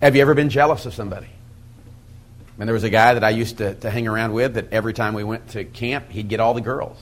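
Folksy, animated middle-aged male preacher. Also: fairly low pitch, fast talker. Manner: folksy, animated storytelling with quoted asides. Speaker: pastor teaching a Bible study method. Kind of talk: sermon-style teaching talk.

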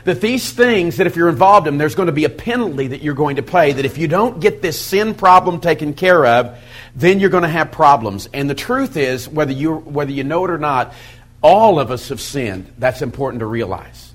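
A middle-aged man teaching as a pastor, folksy and animated, acting out quoted asides. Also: fairly high pitch, moderate pace. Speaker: pastor teaching a Bible study method. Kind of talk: sermon-style teaching talk.

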